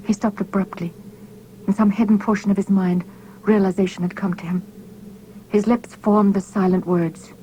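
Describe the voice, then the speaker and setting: A woman narrating an audiobook in a measured, dramatic storytelling manner. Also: medium pitch, fairly even intonation, mellow, slight background noise, rough recording. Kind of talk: scripted narration.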